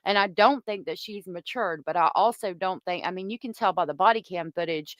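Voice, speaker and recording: A woman's voice: on the low side, brisk, dry recording. A woman hosting a casual true crime livestream, chatty and gossipy, reading viewer comments aloud.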